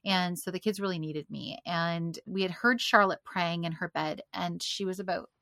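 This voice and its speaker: A woman's voice: lowish voice, normal speed, a bit bright, dry recording. A woman speaking as a podcast guest, telling her personal story candidly and animatedly, often laughing between phrases. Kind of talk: personal testimony in conversation.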